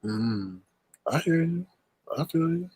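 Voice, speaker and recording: A man's voice: on the high side, expressive, slow, a little mellow, slightly rough, dry recording. Playful teasing man hosting a live chat. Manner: playful, teasing, makes bird calls. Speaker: host. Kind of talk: casual chat.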